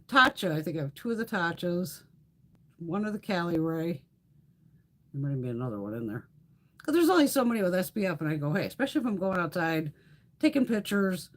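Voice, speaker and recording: A middle-aged woman hosting a beauty livestream, chatting casually with viewers, swearing freely and laughing often. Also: fairly low pitch.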